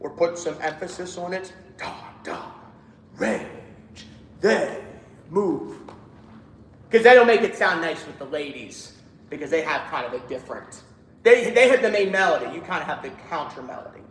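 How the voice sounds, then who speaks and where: A man's voice: a little high, animated, a little fast, fairly bright tone, roomy sound, rough recording. A man leading a choir rehearsal, coaching the singers, counting them in and singing short phrases to show them. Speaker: choir director. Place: rehearsal room.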